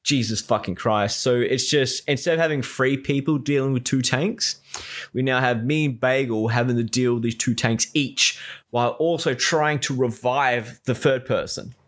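A man tells a gaming story in a loose, casual chat. He is exasperated and swears freely, and he rambles with many restarts. His voice sits in a middle, ordinary pitch. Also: steady tone, moderate pace, a bit bright.

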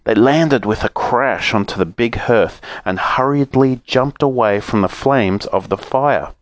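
A man reading a children's storybook aloud, lively and expressive. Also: medium pitch, a little slow, dry recording.

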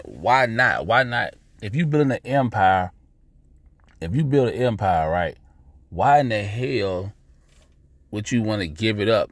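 A man's voice: lowish voice, no echo. Blunt, profane man ranting, dry sound. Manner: blunt, profane, animated, repeats himself. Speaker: podcast host. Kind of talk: casual ranting monologue.

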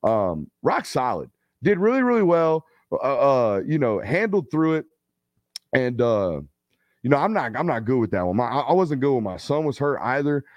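A man in his thirties hosting a live football show, chatting casually and telling stories with loose slang and quick asides. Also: medium pitch, sing-song, no room sound, muffled recording. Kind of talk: casual live-stream chat.

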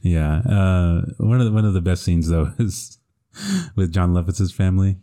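A man's voice: low voice, fairly even intonation, normal speed, mellow. A man co-hosting a casual podcast chat, retelling movie scenes with fillers and frequent chuckles. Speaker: podcast co-host.

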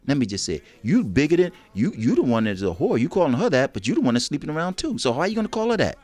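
A man's voice: medium pitch, sing-song, fast talker, darkish tone. A man co-hosting a casual talk show, talking in slang and laughing often. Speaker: co-host. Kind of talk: casual chat show banter.

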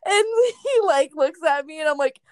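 A woman's voice: sits high, no echo. A young woman telling a crude personal story in casual chat, swearing freely and laughing often.

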